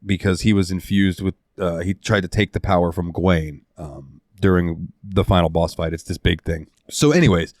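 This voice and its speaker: A man hosting a casual podcast, recounting a game's ending with animated, heartfelt storytelling and some swearing. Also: low-pitched, normal speed, no echo, clean studio sound. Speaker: podcast host. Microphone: studio headset mic.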